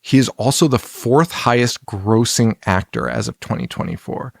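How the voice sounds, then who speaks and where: A man's voice: medium pitch, moderate pace, vocal fry, breathy edge, dry recording, clean studio sound. A man co-hosting a casual film podcast, rambling and swearing, laughing often. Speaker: podcast co-host. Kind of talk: casual chat about films.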